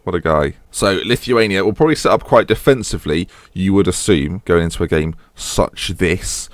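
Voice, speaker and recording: A young man offers chatty, wry commentary over a football management game, frequently cutting himself off mid-sentence in this casual gameplay talk. His voice sits low, the pace is moderate, and the recording is dry.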